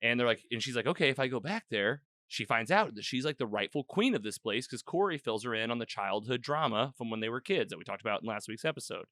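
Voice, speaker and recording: Bright-voiced man recapping a show. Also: medium pitch, lively intonation, fast talker, few pauses, dry recording, clean studio sound. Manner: loose and rambling, acts out quoted lines, lots of "like". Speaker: podcast host. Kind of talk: casual chat recapping an episode. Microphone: own podcast microphone.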